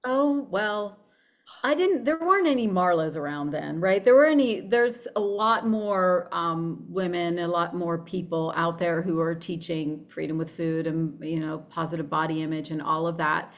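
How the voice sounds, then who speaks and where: In a muffled recording, a woman with a lowish voice talks at a moderate pace. Appearing as a guest body-image coach in a conversational interview, she speaks animatedly, acts out her inner voice, and often restarts what she's saying.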